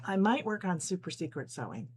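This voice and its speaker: A woman's voice: on the low side, big pitch swings, fairly quick, darkish tone, slight background noise. A middle-aged woman from New Jersey hosting a casual live sew-along, chatting, laughing often and reading out viewers' comments as she sews. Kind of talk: casual live-stream chat while sewing.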